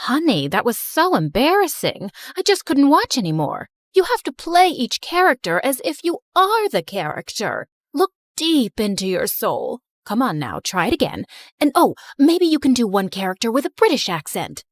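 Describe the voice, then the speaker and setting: A woman's voice: a little high, huge pitch swings, normal speed, no room sound, studio quality. A woman voicing a theatrical, self-absorbed mother who once dreamed of acting, in a dramatic, showy manner. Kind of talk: animated story voice acting.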